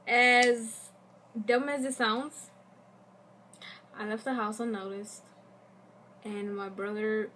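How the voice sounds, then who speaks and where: A young woman telling a personal story in a lively, conversational way, acting out what others said. Her voice sits a little high for a woman, with faint noise in the background. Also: slow, pauses often. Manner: animated, acts out quotes. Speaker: vlogger. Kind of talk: casual storytime.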